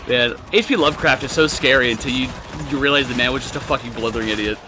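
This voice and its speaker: Talking fast in a mid-range voice over music, a young gamer swaps meandering, foul-mouthed stories with his friends, laughing as he goes.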